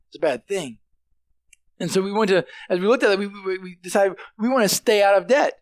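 A man preaching a sermon in a casual, halting way, restarting phrases and turning to the congregation with questions. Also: high voice, no echo, clean studio sound. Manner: halting, with many restarts and "right?" asides to the congregation. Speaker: pastor.

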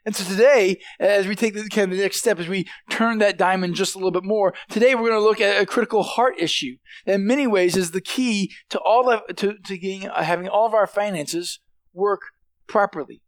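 A man preaching a sermon in a casual, halting way, restarting phrases and turning to the congregation with questions. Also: sits high, no room sound. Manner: halting, with many restarts and "right?" asides to the congregation. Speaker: pastor.

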